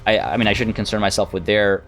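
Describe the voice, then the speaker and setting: A man's voice: lowish voice, fairly even intonation, fast talker, a bit bright, soft background music. A man narrating his own strategy game, thinking aloud in a hesitant, musing way. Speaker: let's play host. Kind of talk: gameplay commentary.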